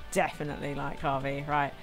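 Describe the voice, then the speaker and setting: A woman's voice: deep voice, fairly even intonation, normal speed. A woman casually commenting while she plays a farming game, chatty and easily delighted. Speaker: gaming video host. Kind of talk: casual let's play commentary. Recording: game music under voice. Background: game music.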